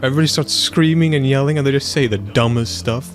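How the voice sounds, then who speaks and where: A man hosting a let's play, chatting casually in a rambling, animated way and acting out quotes in silly voices. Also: medium pitch, fast, faint music behind. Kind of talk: casual gaming chat.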